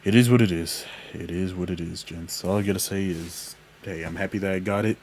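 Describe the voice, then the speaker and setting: Brisk and steady in tone, though darkish, a young man hosts a solo podcast with a little hiss or hum audible. He rambles through a story laced with swearing and laughter, his voice shooting high when he gets exasperated.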